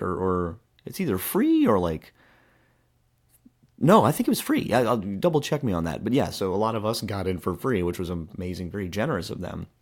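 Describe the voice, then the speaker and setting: A man's voice: on the low side, a little mellow. A man in his thirties hosting a podcast, telling a story in a casual, rambling way with lots of fillers and restarts. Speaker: podcast host. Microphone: handheld microphone.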